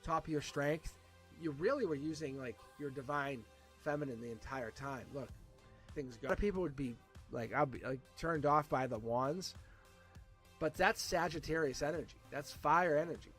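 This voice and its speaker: A man giving a casual live tarot reading, animated and repeating himself with frequent restarts. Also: a little high, moderate pace, soft background music. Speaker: tarot reader.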